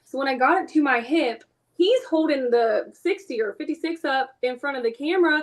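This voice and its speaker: A woman telling a fishing story in a casual chat, expressive and quoting herself often. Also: high voice, brisk. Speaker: guest.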